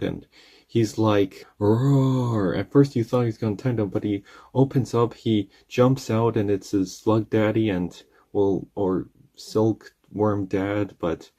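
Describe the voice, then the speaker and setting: Thirtysomething guy, real low mellow voice, rambly earnest movie recap. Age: 30s. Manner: rambling, earnest plot recap full of "and then". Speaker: channel host reviewing a movie. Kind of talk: casual spoken movie review.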